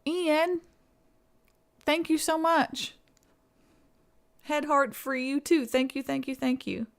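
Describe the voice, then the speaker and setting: A young Southern-accented woman from East Tennessee, USA, chats casually with her live-stream viewers and thanks them. Her voice is high, and she takes her time speaking.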